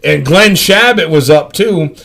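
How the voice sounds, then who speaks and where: A man's voice: on the high side, lively intonation, a little slow, vocal fry, fairly bright tone. A man telling a rambling, profane story among friends. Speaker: storyteller on a live stream.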